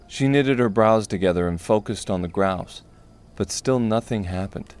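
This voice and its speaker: Deep-voiced male audiobook narrator. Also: normal speed, darkish tone, clear, resonant tone. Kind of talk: scripted fantasy narration.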